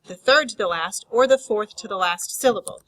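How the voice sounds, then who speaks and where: A woman teaching a lesson on grammar rules, unscripted with restarts and fillers, spelling out terms slowly. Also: mid-range voice, a bit bright, dry recording, low-quality recording. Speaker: Spanish teacher.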